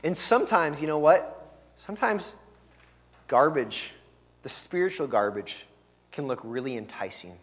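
An earnest male pastor preaching, his voice sitting a little high for a man. He presses hard on key words and then lets phrases fall away quietly. The sound rings with the long reverb of a large church hall. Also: animated, unhurried, long pauses. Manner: earnest and emphatic, swelling on key words then dropping soft. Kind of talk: sermon.

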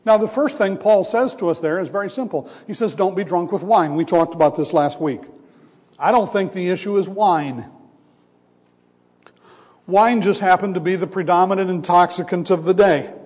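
A man preaching a sermon as a pastor, teaching with emphatic contrasts and slowing down to stress his points. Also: high-pitched, a little mellow. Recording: long reverb of a large hall.

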